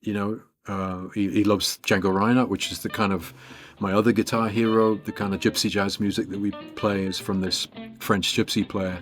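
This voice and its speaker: Chatty low-voiced English man. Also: normal speed, faint music behind. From England. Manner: chatty and animated, heavy use of "you know" and "like". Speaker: guest guitarist. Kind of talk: casual storytelling in an interview.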